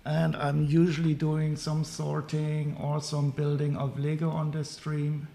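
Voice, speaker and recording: Gravelly German man streaming Lego builds. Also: a little high, completely flat delivery, mellow. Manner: apologetic, halting with many restarts. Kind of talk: casual live-stream chat.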